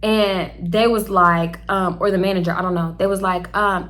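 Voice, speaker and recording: A young woman, chatty and animated, telling a storytime to camera and talking straight to her viewers. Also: mid-range voice, moderate pace. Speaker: storytime vlogger.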